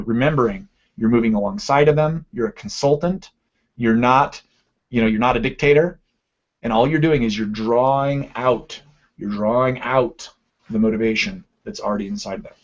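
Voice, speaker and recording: Male coach teaching a live online class; chatty, checks in often, slightly muffled video call sound. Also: mid-range voice. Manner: conversational teaching, frequent "right?" and "okay". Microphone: computer mic on a video call.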